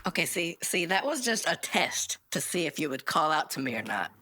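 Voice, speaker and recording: Lynn, a man's pitch-shifted breathy cartoon girl. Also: sing-song, normal speed, noisy background. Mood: sheepish. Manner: panicky repeated questions. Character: frightened young cartoon woman Lynn. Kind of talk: cartoon voice acting.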